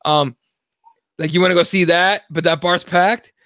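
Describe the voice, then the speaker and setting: A young man co-hosting a podcast, talking casually in an animated, profane way and acting out quotes. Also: high-pitched, normal speed, dry recording. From Mexico. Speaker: podcast co-host. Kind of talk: casual opinion chat.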